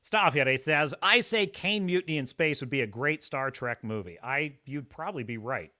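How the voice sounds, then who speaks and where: Bright-voiced man ranting on a live stream. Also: mid-range voice, moderate pace. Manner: animated, ranting, laughs often, mocks pronunciations. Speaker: host. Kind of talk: casual live-stream chat, reading viewer comments.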